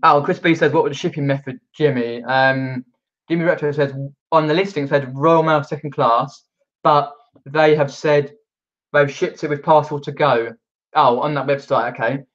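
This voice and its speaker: A man's voice: on the high side, lo-fi sound. A man from just outside London with a Mockney accent, chatting casually on a live stream and reading out viewer comments, rambling with lots of fillers. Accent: Mockney, outer London. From England.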